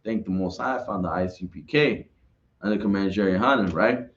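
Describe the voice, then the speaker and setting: Low-voiced guy rambling through a class talk, right? right?, muffled online audio. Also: fast talker. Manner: rambling, repeats words, keeps asking "right?". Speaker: class speaker. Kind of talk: informal religious class talk.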